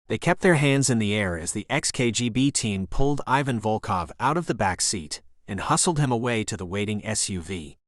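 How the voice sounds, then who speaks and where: A man's voice: fairly low pitch, no room sound. Man narrating a thriller, dry sound. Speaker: audiobook narrator. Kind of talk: scripted narration.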